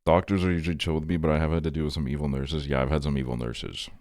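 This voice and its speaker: A young man with a very low voice talks casually to his stream chat, rambling through stories with plenty of swearing and "like" fillers. He answers viewer messages as he goes. The sound is dry and close, with no room echo. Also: level tone, racing, darkish tone. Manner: rambling, profane, heavy on "like" fillers.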